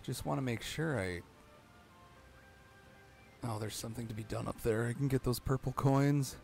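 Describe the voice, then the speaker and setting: A man in his thirties with a gravelly, fry-edged voice, commentating a video game as he plays. He rambles excitedly, swears freely and yelps at his mistakes. Faint game music plays behind him. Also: mid-range voice, normal speed. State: out of breath. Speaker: gaming channel host. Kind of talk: excited let's-play commentary.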